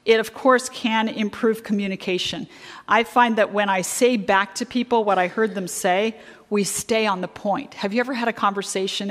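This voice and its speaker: A middle-aged woman leading a church marriage workshop, quizzing the audience with fill-in questions and stressing key words slowly. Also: mid-range voice, a bit bright. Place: church sanctuary. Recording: long church hall reverb.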